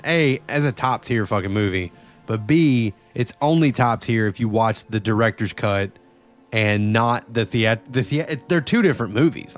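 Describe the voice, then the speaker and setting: A man chatting casually with viewers during a live game stream, loose and profane, often rambling. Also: fairly low pitch. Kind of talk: casual live-stream chat while gaming.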